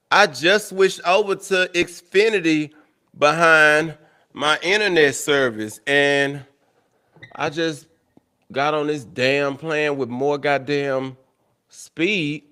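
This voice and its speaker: A young man hosting a livestream, chatting casually with viewers in a blunt, profane, exasperated way. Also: on the high side. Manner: blunt and profane, loud and exasperated, swearing at tech trouble. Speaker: livestream host.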